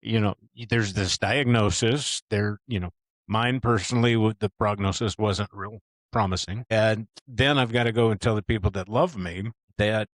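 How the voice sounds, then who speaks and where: A man in his fifties with a low voice hosts the conversation, talking earnestly and reflectively from his own life. His voice sounds close and dry, with no room echo. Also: moderate pace. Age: 50s. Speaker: podcast host. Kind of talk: conversational interview.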